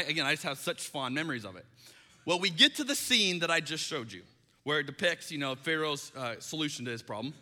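Bright-voiced man preaching in a reverberant hall. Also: a little high. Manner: storytelling, animated, acts out dialogue. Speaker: pastor. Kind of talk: sermon.

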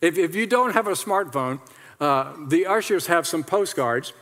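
A male pastor preaching a lively sermon, repeating lines and leading the congregation in call-and-response. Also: a little high, moderate pace, slight background noise. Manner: animated, repetitive, leads the congregation in call-and-response. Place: large church hall with congregation. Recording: long hall reverb.

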